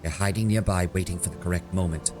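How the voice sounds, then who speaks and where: A man's voice: low voice, steady tone, quick pace, over music, close to an everyday voice. A man voicing a fierce female elf warrior in a fantasy game, delivering her accusations in a raised, commanding tone. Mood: accusing. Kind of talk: reading game dialogue aloud.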